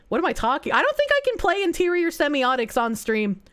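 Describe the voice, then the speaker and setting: Her high voice and brisk delivery mark this live streamer, a woman with a New Jersey accent. She reacts to chat in a loud, crude, animated manner, breaking into shrieking laughter.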